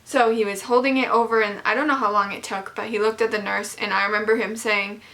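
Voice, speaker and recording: A woman's voice: mid-range voice, fairly even intonation, fast talker, sharp tone. A young woman vlogger telling a personal story in a casual, candid way, with lots of likes and ums.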